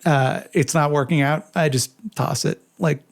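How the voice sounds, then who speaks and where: A man's voice: fairly high pitch, fairly even intonation, unhurried, gravelly. A man, a video creator, answering fan questions in a casual, self-deprecating, joking monologue.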